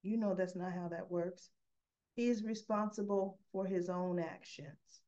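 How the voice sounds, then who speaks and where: An ambitious young woman who comes across as apologetic and earnest, as a woman puts her on during a recap. Her lines sit higher than the telling around them. The sound is somewhat muffled. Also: fairly even intonation, measured pace, warm tone, natural voice.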